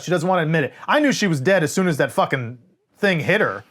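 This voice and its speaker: A man's voice: a little high, quick pace. A man co-hosting a casual movie review, talking animatedly and swearing freely. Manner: animated, swears often, quotes scenes in voices. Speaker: podcast co-host.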